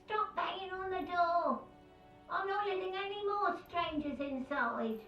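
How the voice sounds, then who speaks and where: A woman's voice: very high-pitched, a little slow, reverberant, far from the mic, highs cut off, soft background music. A woman voicing a stubborn, suspicious elderly woman who scolds visitors through a locked door in a video game. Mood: scolding. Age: older.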